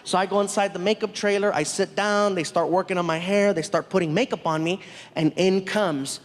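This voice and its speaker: A male stand-up comedian telling a story on stage in an animated way, acting out characters and shouting punchlines. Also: high-pitched, fairly quick. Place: live theater stage before an audience. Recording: live hall recording with reverb.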